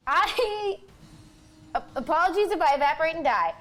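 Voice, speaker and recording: A woman playing a tabletop game, loud and excitable, often shouting in character and laughing. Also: very high-pitched, unhurried.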